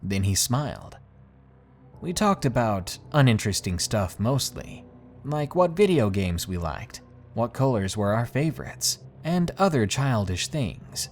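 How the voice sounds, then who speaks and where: A man's voice: mid-range voice, very animated, measured pace, darkish tone, a little hiss or hum. Man narrating a creepy tale. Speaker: horror story narrator. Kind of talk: scripted narration of a creepy true story.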